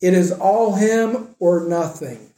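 High-pitched preacher man, echoey church. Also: takes it slowly. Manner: rhetorical questions, swings from emphatic to hushed. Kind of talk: sermon. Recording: echoey room.

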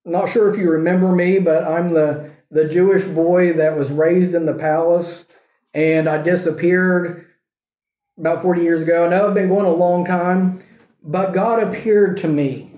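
A man's voice: high voice, fairly even intonation, a little slow, warm tone. A male preacher voicing a nervous, reluctant prophet who speaks earnestly and hesitantly, in an echoey room. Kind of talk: sermon retelling with acted quotes.

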